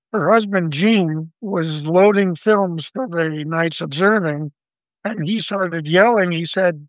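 An older man, a guest astronomer, telling a story in an interview in a measured, vivid way and quoting the people involved. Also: sits high, fairly bright tone, dry recording. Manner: measured, vivid storyteller who quotes others. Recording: dull lo-fi dry sound.

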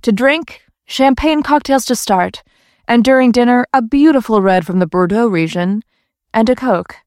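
A woman's voice: on the high side, moderate pace, darkish tone, no echo, clean studio sound. A woman reading a comic parody story aloud with playful, wry asides. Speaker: narrator.

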